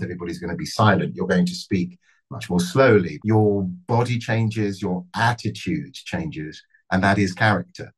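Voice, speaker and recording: A middle-aged actor answers interview questions thoughtfully, using measured phrasing and often restarting his sentences. His voice sits low and sounds slightly rough on a low-quality recording.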